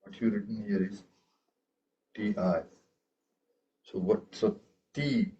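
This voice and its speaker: A fairly low, mellow male voice moves slowly through a tabla lesson for students in the room, captured on a muffled recording. Patient throughout, he checks understanding with "okay" and "right?" and chants the rhythm syllables for the class.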